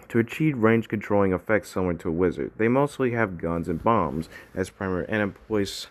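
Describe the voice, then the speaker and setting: A man giving casual commentary on game character designs, rambling with frequent restarts and self-corrections. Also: deep voice. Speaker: video commentator.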